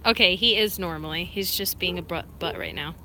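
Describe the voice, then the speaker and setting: A woman hosting a casual live stream, talking to viewers, laughing often and giving short, firm commands to her excited dog. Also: fairly low pitch, a little fast, a little hiss or hum. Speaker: live-stream host training and feeding her service dog.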